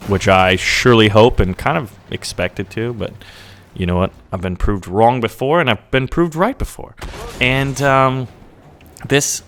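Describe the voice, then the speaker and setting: A young man talking over gameplay as a channel host, chatty and excitable, rambling and often checking in with "right?". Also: fairly low pitch, a little hiss or hum.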